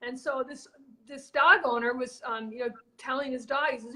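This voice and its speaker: A woman's voice: high-pitched, steady tone, normal speed, bright, forceful tone. A woman co-hosting a casual live video chat on marketing, rambling with fillers and restarts. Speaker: marketing coach and co-host.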